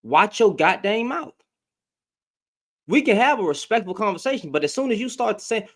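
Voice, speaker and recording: A man's voice: sits high, very animated, brisk, fairly bright tone. Heated, blunt man ranting. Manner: blunt, heated, profane, rising to exasperated outbursts; repeats words and restarts when worked up. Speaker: social media commentator. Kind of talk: heated casual rant to followers.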